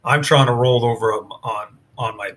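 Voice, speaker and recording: Bright-voiced man telling a story. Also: medium pitch, normal speed. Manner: casual, rambling, with many fillers. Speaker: interview guest. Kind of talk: storytelling in conversation.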